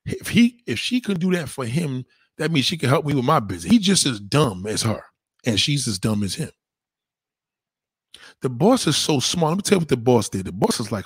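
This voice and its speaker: A husky-voiced man rants, sweary and heated. His voice swings up and down all over, and the sound is dry and close. He jumps from loud bursts to low muttering. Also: sing-song, a little fast, dry recording. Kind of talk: profane ranting monologue.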